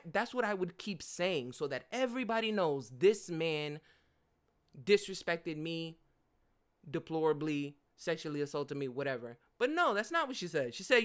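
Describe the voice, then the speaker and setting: A young woman, hosting her podcast in casual solo commentary, animated and dry-humored, laughing often. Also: moderate pace. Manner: animated, swinging from low mutters to loud outbursts. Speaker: podcast host.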